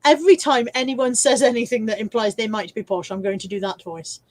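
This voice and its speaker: English woman hosting a live stream, chatty and self-mocking, bit higher pitch, casual home setup. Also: a little fast, a little mellow. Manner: chatty, self-mocking, reads viewer comments aloud.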